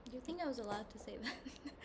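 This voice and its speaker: A woman's voice: on the high side, animated, a little fast. Rambling woman telling a personal story. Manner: rambling and candid, heavy use of "like", swings between hushed and loud. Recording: noisy background hiss.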